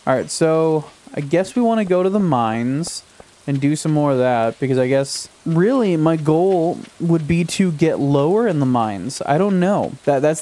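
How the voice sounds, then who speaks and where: A young man casually commenting on his own gameplay, excitable and chatty, talking to himself and to the game. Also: on the high side. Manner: excitable, talks to himself and the game, yelps at surprises. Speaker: gaming YouTuber. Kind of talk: casual let's-play commentary.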